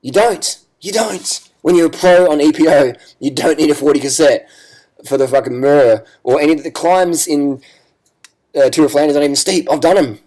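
Profane, ranting man with a high voice. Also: normal speed, darkish tone. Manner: profane, sarcastic, combative. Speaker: cycling vlogger. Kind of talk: ranting vlog commentary.

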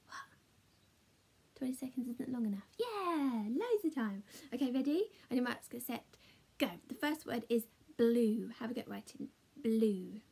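A woman teaching a children's phonics lesson in a slow, sing-song, encouraging way, chatting with a puppet. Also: on the high side, creaky, mellow, breathy edge. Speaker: primary school teacher.

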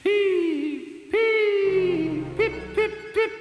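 A man voicing a little male steam engine who pretends to be a ghost and wails in a very high voice. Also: very slow, echoey room, big-room sound, music in the background, heavily acted. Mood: spooky wailing.

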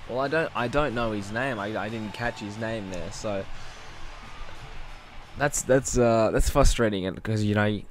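A man's voice: lowish voice, a little slow, faint music behind. A man giving casual, rambling commentary while playing a wrestling video game, often interrupting himself. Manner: rambling, chatty, self-interrupting. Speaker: gaming channel host.

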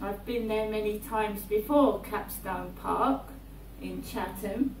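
A woman, rambling through a personal monologue in her flat and often checking in with "right?". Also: medium pitch, slow. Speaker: vlogger. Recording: roomy, distant mic, faint hum.

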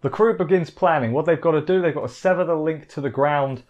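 A man's voice: on the high side, fairly quick, darkish tone, highs cut off. Rambling man recapping an anime. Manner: rambling, jokey asides. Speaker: anime reviewer. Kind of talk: casual episode recap on a live stream.

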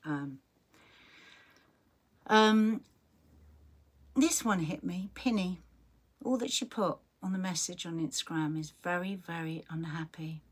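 A woman's voice: fairly low pitch, lively intonation, takes it slowly, long pauses, slightly rough. A middle-aged woman hosting a live chat, reading out viewer messages and giving earnest, encouraging advice with many restarts. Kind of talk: heartfelt live-stream chat.

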